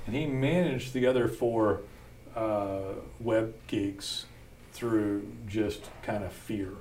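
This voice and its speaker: A man's voice: on the low side, fairly even intonation, slow, a little mellow, slight background noise. A man, hosting a podcast and telling stories about founding his company in a blunt, folksy way, laughing often. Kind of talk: casual storytelling chat.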